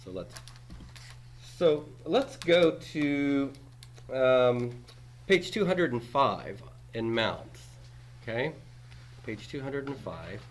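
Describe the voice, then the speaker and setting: A man's voice: medium pitch, animated, takes it slowly, long pauses, slight background noise. A man in his forties teaching a Greek grammar class, patiently explaining and checking in with students with "okay?" and "right?". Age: 40s. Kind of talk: classroom lecture.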